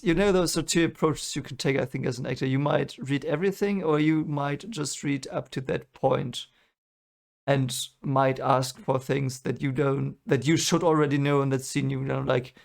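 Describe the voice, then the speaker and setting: A man's voice: fairly high pitch, creaky. A man hosting a movie reaction, rambling and correcting himself as he thinks aloud. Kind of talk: casual reaction commentary.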